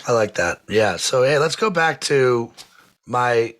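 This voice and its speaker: A man's voice: medium pitch, expressive, slow pace, a bit bright. A man hosting a podcast, asking loose, rambling questions in casual chat. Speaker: podcast host.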